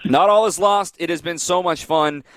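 A man hosting a post-game radio sports talk show, running through standings and schedules in a quick, animated way. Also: high voice, no echo.

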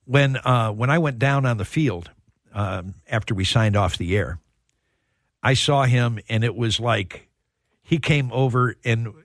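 A man who is a sports broadcaster, telling stories as a guest on a radio show, animated and full of restarts. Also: mid-range voice, dry recording, studio quality. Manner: animated storyteller, stumbling restarts. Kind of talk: casual sports radio chat.

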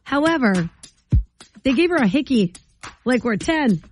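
A woman's voice: high-pitched, very animated, a little slow, faint music behind. A woman hosting a morning radio show, chatting in a bubbly, giggly way on a studio mic. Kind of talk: casual radio chat. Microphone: studio microphone.

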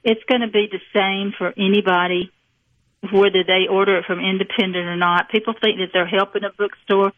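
A woman's voice: medium pitch, little pitch movement, fairly quick, phone-quality sound, a little hiss or hum. An older woman from rural Mississippi with a Southern accent, chatting as an author guest in a rambling, folksy way with frequent laughs. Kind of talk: casual interview chat.

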